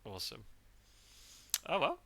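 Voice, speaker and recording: A man from the UK hosting a podcast in a relaxed, rambling chat, full of fillers and restarts. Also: unhurried. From United Kingdom. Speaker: podcast host. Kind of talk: casual chat. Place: parked car.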